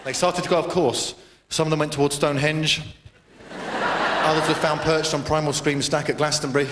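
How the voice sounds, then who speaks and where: A man doing a rambling, self-mocking stand-up routine full of restarts and sudden shouted outbursts. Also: on the high side, flat delivery, a little fast. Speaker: stand-up comedian. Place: large live venue. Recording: live hall with crowd noise and echo.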